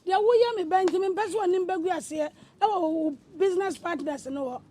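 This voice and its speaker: A woman with a Ghanaian accent playing a mother who calmly urges patience in a comedy skit. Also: very high-pitched, fairly quick. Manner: soothing, urging patience. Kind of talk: comedy skit dialogue, mostly in Twi.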